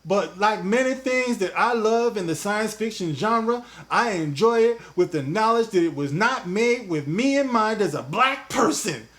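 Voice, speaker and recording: A man voicing an exaggerated, sassy woman in a mocking falsetto with drawn-out words. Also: a bit bright. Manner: drawn-out mocking falsetto, calls listener "girl".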